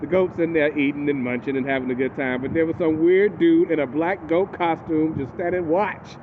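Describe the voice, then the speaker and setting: Male recapper, animated and chatty, slightly high voice, phone-like audio with faint hiss. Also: moderate pace. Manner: animated, acts out characters in quotes. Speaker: TV recap host. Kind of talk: casual episode recap.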